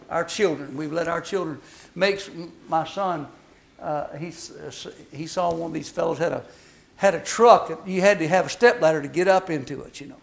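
A middle-aged man preaching a sermon, telling folksy stories and reading scripture slowly. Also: high voice, fairly bright tone. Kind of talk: storytelling sermon.

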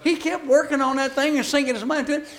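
A middle-aged man preaching a sermon, telling folksy stories and reading scripture slowly. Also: extremely high pitch, steady tone, a bit bright. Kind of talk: storytelling sermon.

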